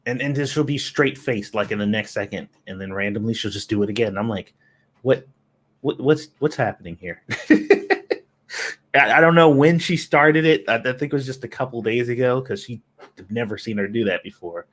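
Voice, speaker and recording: Relaxed male co-host telling a story. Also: medium pitch, fairly quick. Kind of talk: casual chat.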